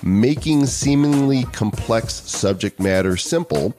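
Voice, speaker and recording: A man's voice: mid-range voice, expressive, measured pace, dark tone, faint music behind. A man co-hosting a podcast, opening with hype and joking banter. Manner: playful, hype-style announcer delivery. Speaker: podcast co-host.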